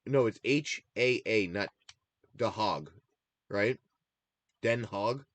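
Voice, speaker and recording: A man's voice: fairly low pitch, animated, slow pace, a bit bright, no echo. A man co-hosting a casual recap show, chatting about his picks in a rambling, enthusiastic way and drifting into tangents. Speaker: podcast co-host.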